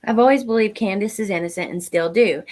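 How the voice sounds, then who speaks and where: A woman's voice: medium pitch, quick pace, a little mellow. A woman hosting a livestream, reacting to an interview clip and reading out viewers' chat comments as she muses aloud. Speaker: livestream host.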